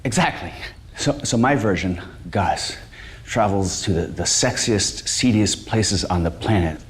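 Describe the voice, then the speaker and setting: A middle-aged stand-up comic past his prime, deep in tone and full of self-doubt. He stammers and restarts, putting himself down as he talks. The voice sits very low. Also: expressive. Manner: halting, stammering, self-deprecating. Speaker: stand-up comic pitching a show.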